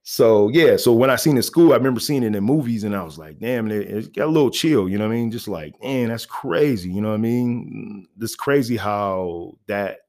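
A man's voice: on the low side, brisk, darkish tone. A man telling a personal story in a casual, rambling way, full of fillers. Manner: rambling, laid-back, many fillers and "you know what I mean".

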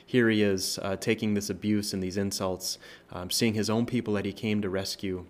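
A man's voice: fairly low pitch, fairly even intonation, moderate pace. A man speaking as a pastor, walking through a Bible passage in a loose, conversational way, full of fillers and tag questions. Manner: prays softly at the close. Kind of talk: informal Bible teaching.

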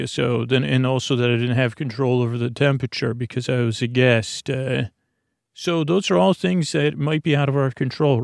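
A man hosting a sleep podcast, drifting through a meandering, soft-spoken bedtime monologue full of restarts and asides. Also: mid-range voice, gravelly, dry recording, studio quality.

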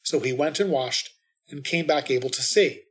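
A man reading the responsorial psalm and scripture readings at Mass in a measured, steady way. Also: on the high side.

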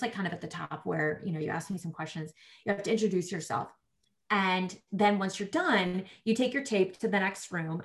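A woman guest on a podcast telling career stories in casual chat, animated and peppered with "like". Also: medium pitch. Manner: animated storyteller, acts out quoted voices, frequent "like". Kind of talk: casual interview storytelling.

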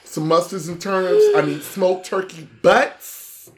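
Woman, brash and profane, casual co-host chat, swooping expressive pitch. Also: very noisy. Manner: brash, profane, drawn-out emphatic delivery. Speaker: podcast co-host.

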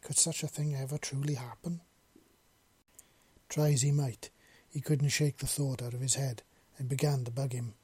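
A man narrates a story in a measured, unhurried way. His voice is dark and husky. It is recorded close and dry. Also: mid-range voice, little pitch movement, no room sound.

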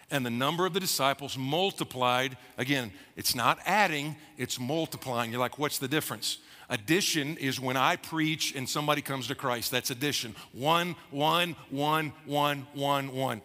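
A man preaches in a church auditorium, his voice set a little high and pushed bright and forceful. He keeps it conversational and animated, tossing playful asides to the congregation. The sound rings out with the long reverb of a large hall. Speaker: pastor. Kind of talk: sermon.

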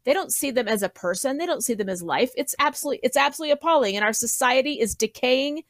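A woman's voice: high voice, lively intonation, fast talker, no echo. A woman guest panelist speaking with indignant emphasis in casual podcast talk.

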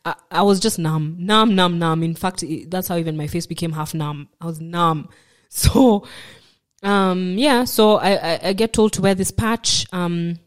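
With a lowish, clean-toned voice, a woman on a podcast relates a personal story in a halting manner. She repeats words and plays out others' remarks to her.

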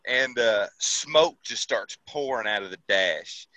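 A man's voice: fairly low pitch, expressive, takes it slowly, sharp tone, no echo, low-quality recording. A man casually telling a profane army story, laughing and acting out the people he quotes. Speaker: veteran telling army stories.

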